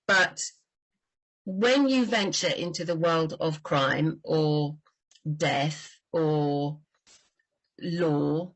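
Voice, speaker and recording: A woman book doctor talking in a lively, chatty way on a livestream about writing crime fiction. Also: sits low, drawn-out words, long pauses, low-quality recording.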